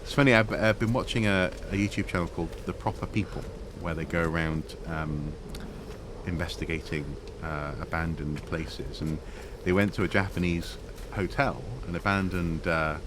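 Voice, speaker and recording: A man's voice: sits low, fairly even intonation, moderate pace, background noise. A man from the UK chatting casually and rambling while streaming a game, over game music. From United Kingdom. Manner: chatty, rambling, laughs often. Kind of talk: casual chat while gaming.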